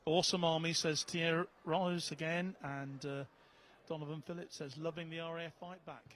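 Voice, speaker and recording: A man doing live play-by-play commentary, measured as he reads out viewer messages and rising on big plays. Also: fairly high pitch, fairly even intonation, a bit bright, slight background noise. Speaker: lead commentator.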